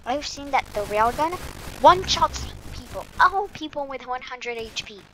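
A woman giving casual gameplay commentary, playful and self-mocking, with bursts of excited exclamations. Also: high voice, moderate pace, noisy background. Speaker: gamer commentator.

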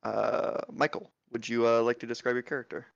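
A man narrating a tabletop game as game master, describing scenes with many pauses and fillers. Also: medium pitch, flat delivery, gravelly, dull audio, a little hiss or hum. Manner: hesitant, filler-heavy description.

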